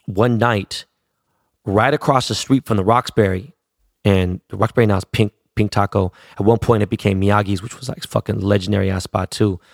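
A man's voice: on the low side, fairly even intonation, normal speed, creaky, dry recording, clean studio sound. A middle-aged man from Los Angeles telling a rambling story in casual, slangy talk, swearing constantly.

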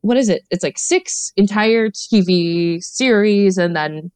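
A woman's voice: mid-range voice, a little slow, clean tone, dry recording. A woman in her thirties, a podcast guest, chatting casually with lots of fillers and laughs. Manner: animated, laughing, many fillers. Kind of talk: casual chat.

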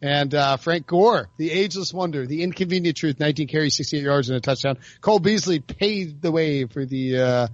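A man's voice: on the high side, a little fast, hardly any pauses, no room sound. A man hosting a casual sports chat, joking with co-hosts and rattling off game stats. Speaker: podcast host. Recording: dry, dull lo-fi sound.

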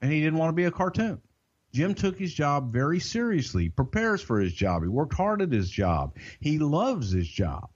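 An older man with a Southern American accent, co-hosting a podcast and telling behind-the-scenes stories in a folksy, drawn-out way. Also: a little high, sing-song, muffled recording. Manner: folksy, drawn-out, swears casually. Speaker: podcast co-host. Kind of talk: casual storytelling.

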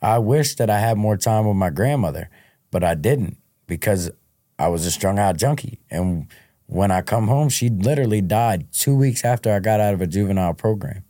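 A man's voice: fairly low pitch, animated, moderate pace, warm tone, no room sound, studio quality. A man being interviewed on a podcast, telling his life story in a frank, casual way and often restarting his words. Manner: frank, repeats word starts. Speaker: podcast guest.

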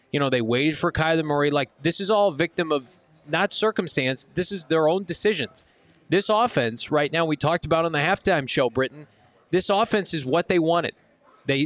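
A man's voice: on the high side, a bit bright, no room sound. A man hosting a live postgame sports talk show, delivering an emphatic, ranting critique at a casino watch party.

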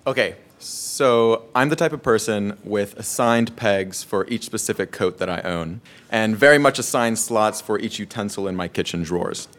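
A man's voice: lowish voice, normal speed, few pauses, fairly bright tone, a little hiss or hum. A man telling a personal story at a live story slam, matter-of-fact and wry.

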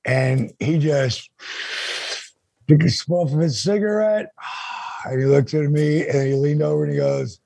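A man with a raspy, gravelly voice telling an animated story in casual chat, acting out the quotes. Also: a little slow, long pauses, no room sound. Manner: animated, acts out quotes with big pitch jumps. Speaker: guest storyteller.

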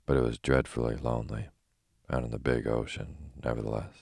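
Very deep, gravelly male bedtime reader. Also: flat delivery, a little fast, darkish tone. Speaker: narrator. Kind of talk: sleepy bedtime story reading.

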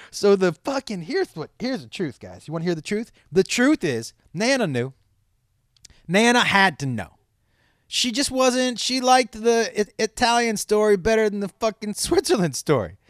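A man's voice: high-pitched, no room sound, studio quality. A man hosting his own podcast as a comedian, in a casual, profane, rambling way with laughing asides. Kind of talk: casual solo podcast chat.

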